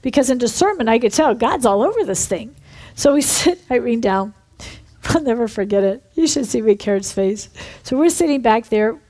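A woman minister telling a story in a sermon, animated, breaking into shouted re-enactments. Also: on the high side, moderate pace. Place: church building.

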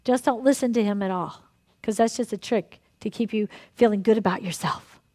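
A woman preaching in a lively, conversational way, laughing often and dropping to a hushed tone to lead prayer. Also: medium pitch, normal speed. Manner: drops to a soft, hushed tone in prayer. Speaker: pastor leading a ministry night. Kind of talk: sermon and guided prayer.

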